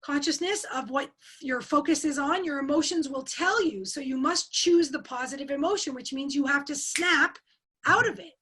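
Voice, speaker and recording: Brief: high-pitched woman coach, lively and quizzing, over a webcam call. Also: moderate pace. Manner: energetic, asks the audience questions and repeats key words. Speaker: speaker at an online coaching forum. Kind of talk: interactive webinar teaching.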